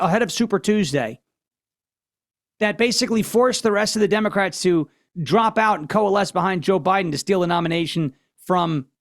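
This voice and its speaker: A man with a fairly high voice hosts a political commentary show. He talks in a brash, loose, mocking way. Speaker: host.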